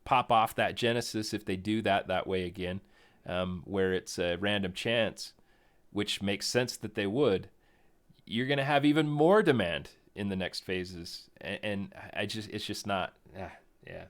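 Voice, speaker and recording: A man's voice: on the low side, measured pace. A man co-hosting a live stream in casual chat, rambling and correcting himself, often chuckling. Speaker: co-host of a crypto game stream.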